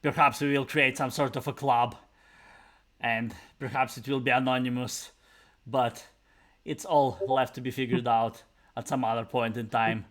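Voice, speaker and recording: Man voicing a dwarf elder, solemn, formal, measured, mid-pitched. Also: flat delivery, fairly bright tone, lightly acted. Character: solemn male dwarf elder of a mining colony.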